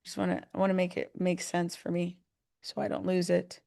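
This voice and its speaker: A woman hosting a live stream, chatty and excitable, talking viewers through a trading demo step by step. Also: fairly low pitch, fairly quick, creaky. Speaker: host.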